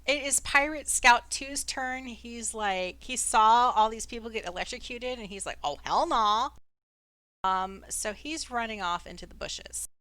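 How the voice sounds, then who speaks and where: A woman's voice: fairly high pitch, moderate pace, hardly any pauses, sharp tone, no echo. A woman narrating as dungeon master in a chatty, playful way. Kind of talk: narrating a tabletop game.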